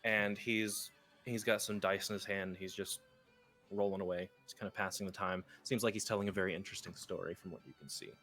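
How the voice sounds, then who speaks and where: A man runs a tabletop game, narrating scenes in a loose, rambling way, full of fillers. His voice sits on the low side. Soft music plays faintly behind him. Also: fairly even intonation, brisk. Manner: rambling, casual, with many fillers. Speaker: game master.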